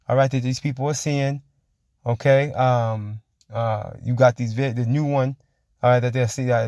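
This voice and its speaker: A man preaching emphatically, reading scripture slowly and forcefully and checking in with his listeners again and again. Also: medium pitch, no echo, studio quality. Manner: emphatic, keeps asking "you see?" and saying "man". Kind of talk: street-style sermon with scripture reading.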